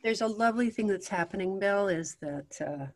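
A woman's voice: mid-range voice, normal speed. A woman voice and acting coach giving articulate, encouraging feedback on a speech recitation.

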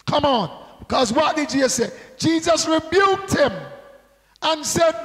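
A man's voice: extremely high pitch, unhurried, fairly bright tone, in a large hall, rough recording. A male pastor preaching a sermon, drawing out call-and-response with rhetorical questions and prompts to the congregation.

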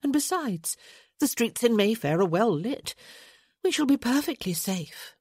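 A woman voicing an earnest, meddling young noblewoman in an audiobook, speaking in a coaxing, gently insistent way. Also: a little high, big pitch swings, a little slow, slightly rough, no room sound, clean studio sound, pitched above the performer's own voice, full character voice.

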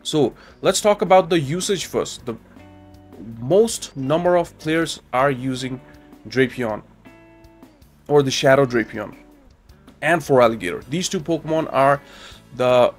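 A man's voice: medium pitch, moderate pace, faint music behind. Nasal young man talking game strategy. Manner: chatty, with tag questions ("right?") and fillers. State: stuffy nose from a cold drink. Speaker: Pokémon GO channel host. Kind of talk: casual game strategy commentary.

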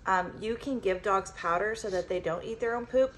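A woman chatting casually at home about her pets, animated, slipping into baby talk with the dogs. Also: mid-range voice, moderate pace, poor audio. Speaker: vlogger and dog owner. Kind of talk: casual chat.

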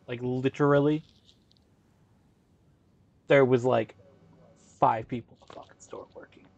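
A man's voice: mid-range voice, muffled recording. A man hosting a gaming video, telling a long story in casual, profane chat full of slang fillers. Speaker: gaming channel host. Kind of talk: casual chat while racing in a game.

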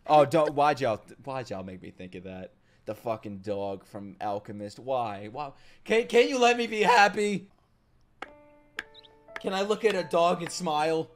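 A young man streaming his reaction to an anime, swearing, laughing and shouting out in bursts. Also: fairly high pitch, measured pace, soft background music. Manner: excitable, swears a lot, loud outbursts and laughs. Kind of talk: live reaction commentary.

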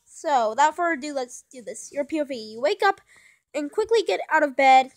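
A woman's voice: high-pitched, lively intonation, brisk. A young woman reading her own fan story aloud, stumbling and restarting often. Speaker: fan fiction reader.

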